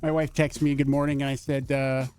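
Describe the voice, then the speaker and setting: A man's voice: mid-range voice, little pitch movement, a little fast, a little mellow, soft background music. A man co-hosting a morning radio show, talking in a laid-back, rambling way. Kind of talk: casual radio banter. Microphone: studio microphone.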